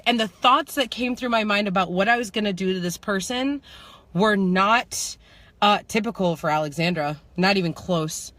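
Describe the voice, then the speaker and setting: A woman telling a personal story in a vlog, animated and laughing, swinging between slow reflective lines and fast excited bursts that rise into shouts. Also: medium pitch, dry recording. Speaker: spiritual manifestation coach.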